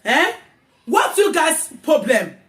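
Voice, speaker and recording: A woman with a Nigerian accent, ranting angrily in a vlog, repeating herself and often shouting. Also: sits high, sing-song, slow pace, echoey room. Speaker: vlogger. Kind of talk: angry rant to camera.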